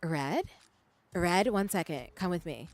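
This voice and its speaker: Animated young woman streaming a game. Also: fairly low pitch, soft background music. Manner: animated, chatty, quick to laugh. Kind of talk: casual gaming stream chat.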